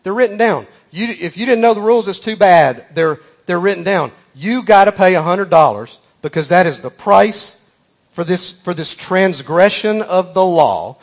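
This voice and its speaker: A man's voice: high voice, animated, normal speed. A man voicing a stern, matter-of-fact judge who firmly repeats the rules. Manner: firm, matter-of-fact, repetitive.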